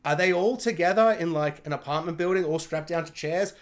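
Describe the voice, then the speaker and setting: A man's voice: fairly high pitch, fairly quick. A man giving a casual spoiler film review, rambling with lots of "like" and firing off questions.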